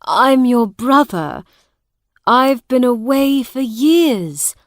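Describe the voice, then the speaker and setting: A woman's voice: fairly high pitch, lively intonation, very slow, dry recording, clean studio sound, pitched above the performer's own voice. A woman reading the part of a grown man, a returned soldier who pleads emphatically in a raised voice. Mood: pleading.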